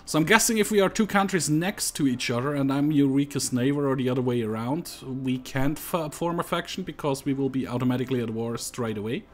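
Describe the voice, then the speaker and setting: A man's voice: medium pitch, brisk, few pauses. A man streaming a co-op strategy game, chatting casually and thinking aloud as he plays. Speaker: let's play streamer. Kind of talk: casual co-op gameplay chat.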